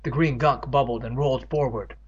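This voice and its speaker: A man's voice: mid-range voice, steady tone, fairly quick, slightly rough. A man reading a children's book aloud, interrupting it with sarcastic, profane jokes. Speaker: comedic reader. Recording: dull lo-fi recording.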